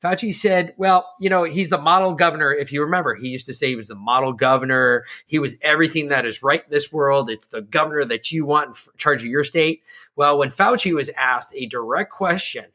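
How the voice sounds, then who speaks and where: A man's voice: a little high, bright, forceful tone. A man co-hosting a casual political podcast, ranting with lots of profanity. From Georgia, USA. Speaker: podcast co-host.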